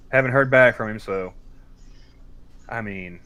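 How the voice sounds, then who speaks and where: A man's voice: lowish voice, measured pace, bright, forceful tone. A man in a casual podcast chat, talking in an offhand, shrugging way with false starts. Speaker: podcast co-host.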